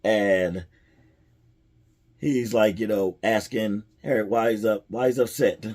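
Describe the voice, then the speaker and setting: A man's voice: lowish voice, steady tone, slow, a little mellow. Rambling man recapping a comedy film. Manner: rambling, chuckles at the jokes he retells. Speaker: movie reviewer. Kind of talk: casual plot recap.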